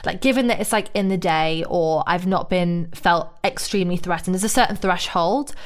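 A woman's voice: lowish voice, normal speed. A woman in casual chat, telling stories bluntly and animatedly, swearing freely.

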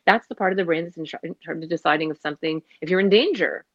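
A woman speaking about parenting in an earnest, animated, conversational way, sometimes acting out the voices of parents and children. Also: low voice, racing, no room sound, dull audio. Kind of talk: casual conversational explanation.

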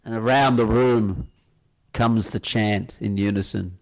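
A man co-hosting a podcast, chatting casually and telling jokes as an animated, chuckling storyteller. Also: fairly low pitch, unhurried. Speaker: podcast co-host. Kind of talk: casual chat and joke telling.

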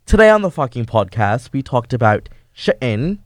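Hammy comic accent, slow and drawn out, pitched up, swoops around man doing it as a podcast host. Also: big pitch swings, no echo, clean studio sound, close to an everyday voice. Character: young man hamming an exaggerated put-on accent.

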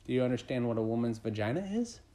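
A podcast host in casual chat, asking blunt questions and joking with a teasing, deadpan edge. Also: mid-range voice, quick pace.

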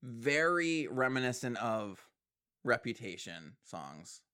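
A man casually reacting to new songs, excitable, swearing often and breaking into laughter. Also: mid-range voice, takes it slowly, clear, resonant tone. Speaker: music reaction host. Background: faint music.

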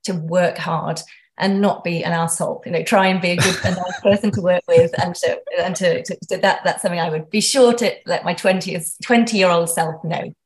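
Chatty woman, slightly low voice. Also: fairly even intonation, normal speed. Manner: chatty, self-deprecating, frequent restarts. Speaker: guest. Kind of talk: casual interview.

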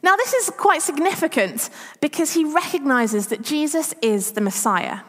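Woman preacher, high voice, echoey church hall, friendly animated storytelling. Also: normal speed. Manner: chatty, self-deprecating, animated retelling. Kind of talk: church talk. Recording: long reverb of a church hall.

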